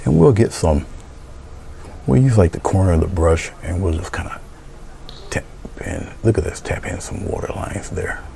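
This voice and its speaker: Low gravelly man calmly teaching painting. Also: normal speed, pauses often, a little hiss or hum. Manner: calm and encouraging, often trailing into soft murmurs. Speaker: painting instructor. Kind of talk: step-by-step painting tutorial.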